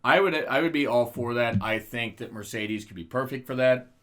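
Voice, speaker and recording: A man talks casually about wrestling as a podcast co-host. He swears freely, cracks jokes and laughs at them himself, at a middle pitch. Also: moderate pace, a bit bright. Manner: loose, profane, laughs at his own jokes.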